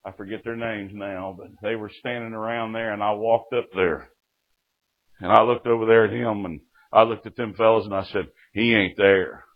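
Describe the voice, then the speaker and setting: A man preaching a testimony sermon, telling his story in a folksy way with sudden jumps in loudness. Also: fairly low pitch, fairly even intonation, moderate pace. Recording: dull lo-fi recording.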